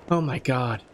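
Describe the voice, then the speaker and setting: A man narrating his own horror game run, muttering plans and then shouting in panic when chased. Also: medium pitch, background noise. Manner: swings from mumbled planning to panicked yelling. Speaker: gaming YouTuber. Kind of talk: let's play commentary.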